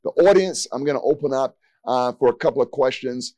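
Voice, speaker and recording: A man's voice: mid-range voice, a little fast, warm tone, dry recording. A man in his sixties moderating a panel discussion from a podium, with folksy joking asides. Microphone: podium mic.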